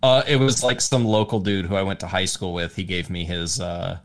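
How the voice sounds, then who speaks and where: A man's voice: low-pitched, fairly even intonation, a little fast, fairly bright tone. A young man co-hosting a music podcast, talking hesitantly with many filler words. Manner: hesitant, lots of "like" and "kinda" fillers. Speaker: podcast co-host. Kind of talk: casual music podcast chat.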